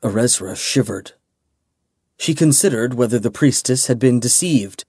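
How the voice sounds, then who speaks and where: A man reading a fantasy audiobook in a measured, dramatic way. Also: mid-range voice, expressive, darkish tone, husky, no room sound, studio quality. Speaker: audiobook narrator. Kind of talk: scripted fantasy narration.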